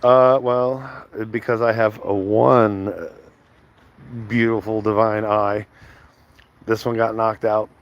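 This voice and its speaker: Chatty, low-voiced male game master. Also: flat delivery, slow, dull audio. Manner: chatty, rambling, with many fillers. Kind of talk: casual chat on a game stream.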